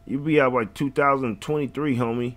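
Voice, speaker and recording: A man's voice: mid-range voice, steady tone, fairly quick, fairly bright tone. Heated, profane man ranting. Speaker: reaction video host. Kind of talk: casual ranting commentary.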